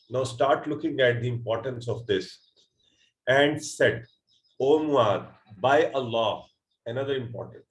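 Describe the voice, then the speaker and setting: Patient male Quran teacher, echoey room. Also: mid-range voice. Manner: patient, repeats phrases for emphasis, breaks words into parts. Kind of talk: recorded online lesson.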